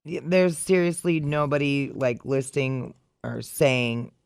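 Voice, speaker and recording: Blunt, dry-witted radio co-host. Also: male voice, medium pitch, slow pace, vocal fry, smooth, dry recording. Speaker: radio morning show co-host. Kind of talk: casual radio banter.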